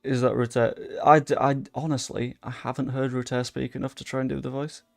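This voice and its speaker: A young man talks his way through a game livestream at his desk mic, swearing freely and reacting loudly to each moment. His voice sits in a middle pitch with a rough, gravelly edge. Faint music plays underneath. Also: flat delivery, brisk. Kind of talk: casual livestream commentary while playing. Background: faint background music.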